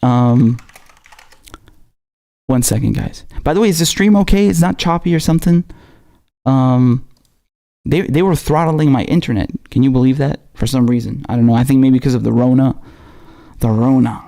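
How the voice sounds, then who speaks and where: A man with a raspy voice hosting a live stream, talking casually and slangily with halting restarts as he reads out viewer messages. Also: medium pitch, warm tone. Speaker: livestream host.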